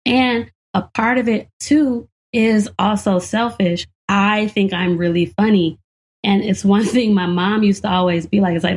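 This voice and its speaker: A woman's voice: mid-range voice, unhurried. A woman in her thirties, a comedian and actor, talking casually on a podcast and laughing often as she tells stories. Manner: laughs often, animated storytelling.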